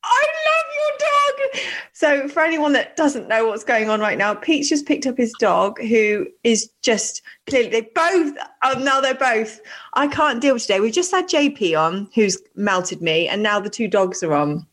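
A woman co-hosting a chatty podcast. Her voice sits fairly high and swoops all over, excitable and gushing. She swears freely and talks off the cuff. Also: normal speed. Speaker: podcast co-host. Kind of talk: casual podcast chat.

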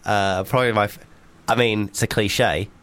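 A man appearing as a comedian guest in a casual chat, deadpan and often halting. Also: lowish voice, clean tone.

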